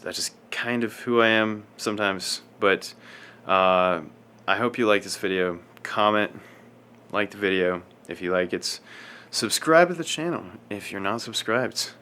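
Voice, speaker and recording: A man with a fairly low voice talks straight to the camera. He rambles through his story in an even, monotone way and swears freely. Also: unhurried. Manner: self-described monotone, rambling and scatterbrained, swears often. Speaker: fitness vlogger.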